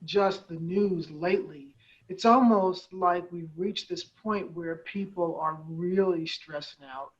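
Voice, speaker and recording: A woman hosting a conversational interview, talking in a rambling way with many fillers and restarts. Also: deep voice. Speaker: host, nonprofit head. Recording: dull, lo-fi sound.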